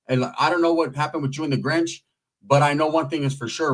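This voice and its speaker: A male channel host with a slightly high voice, telling a story in a casual, slangy way. He talks playfully, with rhythmic riffs and asides. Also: fairly even intonation, fast talker, rough recording.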